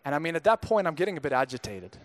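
A man's voice: a little high, very animated, very fast. A young man from Zimbabwe, a pastor telling a personal story in a conversational sermon, often restarting his words. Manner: conversational, frequent stammered restarts.

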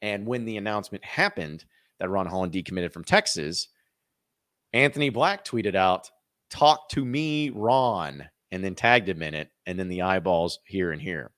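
A man's voice: deep voice, animated, normal speed, fairly bright tone, no room sound, clean studio sound. A man hosting a college sports podcast, talking casually and animatedly with frequent restarts and asides. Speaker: podcast host.

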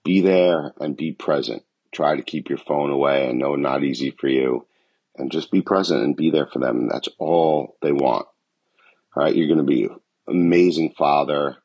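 Very deep, husky-voiced man. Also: moderate pace, darkish tone, dull audio. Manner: casual and encouraging. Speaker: family member giving advice. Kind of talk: recorded personal message.

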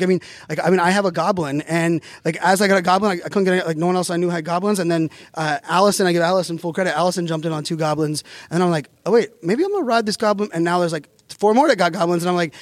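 A man's voice: high-pitched, dry recording. A man hosting a podcast, chatting casually at a live event, rambling with many fillers and restarts. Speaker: podcast host.

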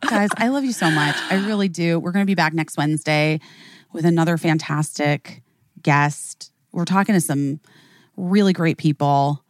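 A woman from Chicago, USA, hosts a casual podcast chat, telling stories animatedly with plenty of "like" fillers and an occasional swear. Her low-pitched voice moves at a moderate pace, recorded dry with studio quality.

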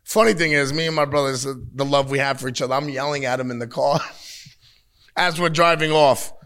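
A man in his thirties, a wrestler giving an interview, talking bluntly and with lots of swearing as he tells animated stories. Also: mid-range voice, moderate pace, clear, resonant tone. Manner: blunt, profane, animated storytelling. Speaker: pro wrestler, interview guest. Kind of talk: casual interview talk. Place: at a wrestling show taping.

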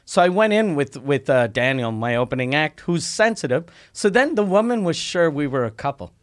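Profane laughing comedian, higher voice. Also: male voice, sing-song, a little fast. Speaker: comedian and podcast host. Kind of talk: casual podcast banter.

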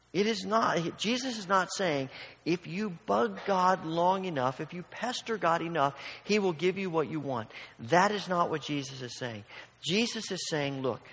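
A man's voice: a little high, a bit bright. Man preaching in a reverberant hall. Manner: storytelling with acted-out voices, conversational. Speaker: pastor. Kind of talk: sermon.

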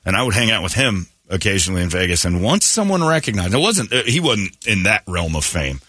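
Brash, lively-voiced male radio host. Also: low voice, a little fast, no room sound. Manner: loud, mocking, acts out shouted quotes. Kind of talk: casual morning show banter. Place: radio studio.

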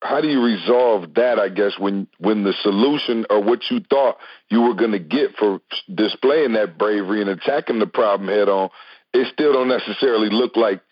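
A man co-hosting a podcast, asking probing questions in a halting way with many fillers. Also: on the low side, no echo. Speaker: podcast co-host. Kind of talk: casual chat. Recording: dull lo-fi sound.

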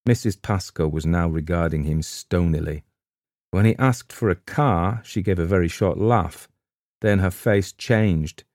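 A man narrates a supernatural story in a measured, steady reading. His voice sits very low, and the recording is dry and close, with no room sound. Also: no room sound. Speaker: audiobook narrator. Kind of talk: scripted narration.

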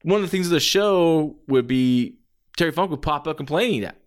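A man talking casually and at length as a wrestling fan, rambling and acting out quoted lines in a raised, shouty voice. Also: a little high, lively intonation, normal speed, clean tone. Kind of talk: casual podcast-style monologue.

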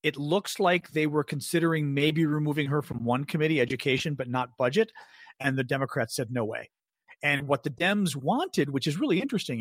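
A man co-hosting a casual political talk show, animated and throwing in quick jokey asides. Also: mid-range voice, no echo. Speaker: podcast co-host.

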